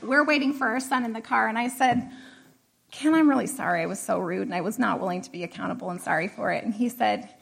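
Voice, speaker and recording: A woman's voice: on the high side, fast, creaky, slightly rough. A middle-aged woman telling a personal story in a casual way, laughing often and acting out what was said. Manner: laughing often, animated retelling of dialogue.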